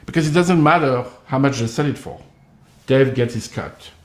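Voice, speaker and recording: Here the same kind of commentator has a mid-range voice at normal speed, recorded with a roomy sound. Talking directly to camera, he stays emphatic and accusatory with a tinged delivery, and he performs other people's responses himself.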